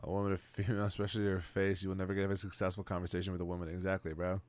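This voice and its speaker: A man's voice: low-pitched, completely flat delivery, rapid-fire, a little mellow, no room sound. A man in his twenties, streaming and answering chat in casual, blunt talk full of bro and man. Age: 20s. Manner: blunt, slangy, calls everyone bro and man.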